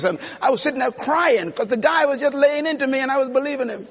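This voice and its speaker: Speaking to the crowd directly, a man with a strikingly high, slightly bright voice gives a preacherly, emphatic motivational talk in a big conference hall. He talks fast with hardly any pauses, and the dull recording carries a long hall reverb.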